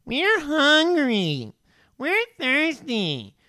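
A preacher's voice jumping way up into a high, loud, whining crowd of hungry complainers, nagging with drawn-out words. The sound is dry and close. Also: male voice, wildly swooping pitch, no echo, exaggerated voice. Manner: whiny, complaining.

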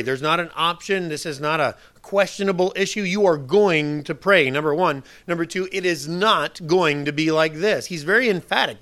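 A man preaching a sermon as pastor, emphatic, moving from soft asides to loud declarations. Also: a little high, moderate pace, few pauses.

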